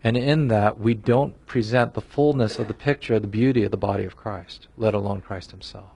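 A man's voice: on the low side, steady tone, fairly quick, creaky, warm tone, slightly rough. A man preaching a sermon in an earnest, emphatic way, often restarting his phrases, then leading a closing prayer. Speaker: pastor.

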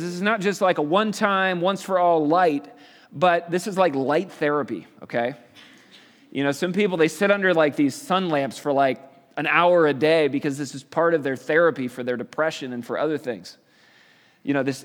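Middle-aged male pastor, fairly high voice, casual explanatory sermon, long hall reverb. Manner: explanatory, conversational preaching with rhetorical questions.

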